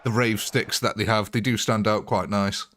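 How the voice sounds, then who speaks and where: A man's voice: lowish voice, steady tone, moderate pace, a bit bright. A man chatting casually as he streams a strategy game live, thinking aloud, greeting viewers and laughing often. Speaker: gaming livestreamer.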